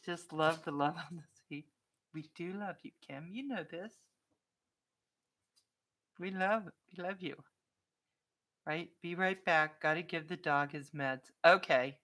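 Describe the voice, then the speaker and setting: A woman's voice: deep voice, a bit bright. A woman vlogger in a casual live-stream chat with viewers, chatty and playful, often laughing and breaking off to talk to her dog.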